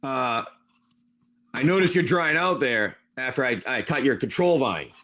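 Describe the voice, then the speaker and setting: A man voicing a big, confused young male creature searching for his father, talking in a rambling, halting way. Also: medium pitch, animated, bright, forceful tone.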